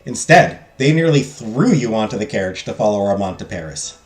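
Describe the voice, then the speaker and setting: A man streams a text game as a let's play, reading its narration aloud and joking with his chat through self-deprecating asides. His voice is on the low side, animated and a little fast, and the sound has a roomy echo with faint game music.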